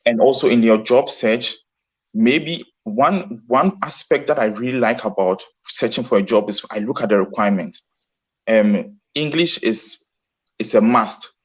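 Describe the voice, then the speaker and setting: A male guest in a casual interview answers questions earnestly, often restarting his sentences. His husky, medium-pitched voice moves at a measured pace, and the recording sounds muffled.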